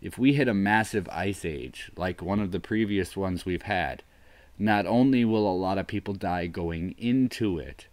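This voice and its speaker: A man in his thirties hosting a solo livestream, rambling and musing aloud, often trailing off into low mutters. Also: normal speed, darkish tone, dry recording. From US northeast coast. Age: 30s. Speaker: livestream host.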